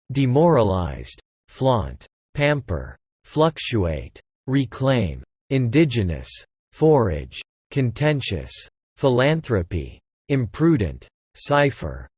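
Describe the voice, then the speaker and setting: A man reads English vocabulary words one by one at an unhurried pace, his pitch moving a lot between words. His voice is a little husky, and the recording is dry and close. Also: a little mellow, dry recording. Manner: reads single words one after another, slowly and evenly. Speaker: vocabulary reader. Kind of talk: reading a word list aloud.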